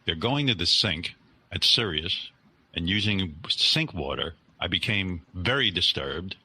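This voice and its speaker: A man's voice: low voice, lively intonation, measured pace, sharp tone, husky, exaggerated voice. A man doing an impression of a famous radio host, telling stories in a whiny, self-absorbed way.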